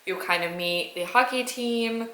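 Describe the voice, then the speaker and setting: A woman's voice: fairly high pitch, a little slow, fairly bright tone, echoey room, low-quality recording. A woman in her twenties talking casually in a reading vlog, frank and exasperated, swearing freely as she gives her opinions. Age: 20s. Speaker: book vlogger.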